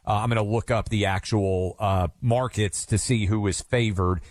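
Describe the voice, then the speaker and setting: A man's voice: lowish voice, steady tone, moderate pace, dry recording. A man co-hosting a talk show, explaining things casually and thinking aloud as he searches for words. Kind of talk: casual conversational chat.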